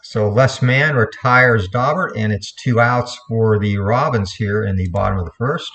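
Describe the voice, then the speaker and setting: A man calling play-by-play for a replayed computer baseball game, in a steady voice, correcting himself now and then. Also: fairly low pitch, measured pace. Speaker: play-by-play commentator.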